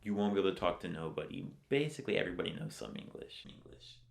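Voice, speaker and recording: A man's voice: sits low, sing-song, fast, vocal fry. An American man talking casually in an interview, rambling and filling his speech with "like" all the time. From United States. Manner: rambling, fills with "like" constantly. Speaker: interviewee, traveler.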